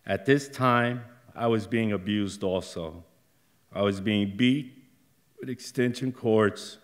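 A middle-aged man with a lowish voice tells a personal story live onstage in a theater, his pace slow and hesitant, with moments where it flares.

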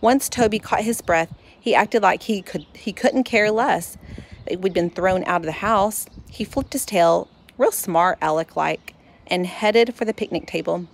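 A woman's voice: mid-range voice, a little slow. Woman reading a children's storybook aloud. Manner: expressive first-person storytelling. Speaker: narrator. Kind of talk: children's audiobook narration.

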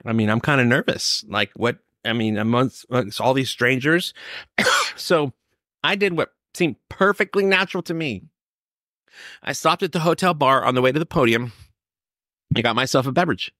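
A man from California, older, telling his recovery story in a lively, storytelling way, acting out what others said. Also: medium pitch, normal speed, no echo, studio quality. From Sacramento, California. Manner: storytelling, animated, quoting others. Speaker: recovery speaker.

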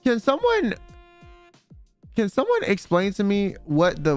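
A young man chats on a livestream in a high voice that leaps up and down with animation. He rambles through slangy, offhand stories. Faint music plays softly behind him. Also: huge pitch swings, slow, clear, resonant tone. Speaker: streamer. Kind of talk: casual livestream chat.

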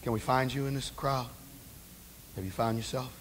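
A man's voice: medium pitch, normal speed, a bit bright, slight background noise. A male preacher giving a conversational sermon, asking rhetorical questions of the congregation.

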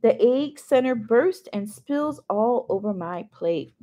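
A woman's voice: a little high, expressive, slow pace, few pauses, mellow, lo-fi sound. A woman reading a novel chapter aloud in first person, adding chatty asides to her listeners. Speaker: reader.

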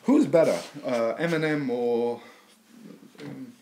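A man speaking casually in a hesitant, low-key way. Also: slow, darkish tone, echoey room, a little hiss or hum.

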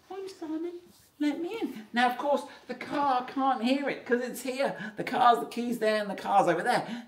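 A man's voice: sits high, slight background noise. A man running a car business, explaining in a chatty, rambling, playful way. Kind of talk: casual explainer video.

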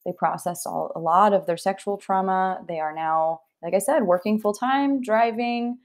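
A woman's voice: mid-range voice, normal speed. A young adult woman, a therapist, talking in an earnest, heartfelt and reflective way during an interview. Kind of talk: interview conversation.

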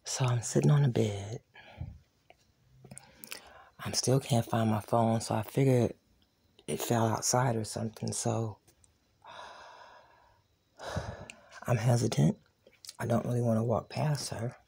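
An adult vlogger casually recounting a personal altercation while walking through a home, often dropping into a hushed whisper and acting out the quoted lines. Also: mid-range voice, fairly even intonation, unhurried, long pauses. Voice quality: raspy, gravelly. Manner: reenacts quoted dialogue. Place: inside a home.

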